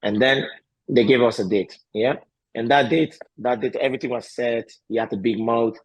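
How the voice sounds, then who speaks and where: A husky-voiced man speaks in broken, stopping and restarting often with fillers. He tells his story with lively bursts of feeling and a laugh now and then. The sound is dry and close, with no room around it. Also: medium pitch, dry recording, low-quality recording. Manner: halting, many fillers and restarts, non-native grammar; animated, laughs while telling stories. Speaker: MMA fighter, interview guest. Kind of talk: casual interview answers.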